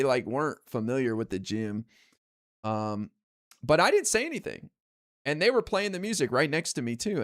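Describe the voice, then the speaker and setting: A man telling a rambling, candid story in a casual monologue, full of fillers and profanity, jumping high in pitch when he quotes others. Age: adult, calls himself too old to yell at teens. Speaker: political commentary streamer.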